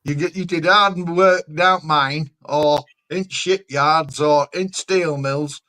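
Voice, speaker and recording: A Yorkshire man with a high, bright voice chats away on a live stream. He is blunt, laughs easily and explains things at length in a casual, rambling way. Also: steady tone, takes it slowly, rough recording. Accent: Yorkshire English. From Yorkshire, England. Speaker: streamer, truck driver.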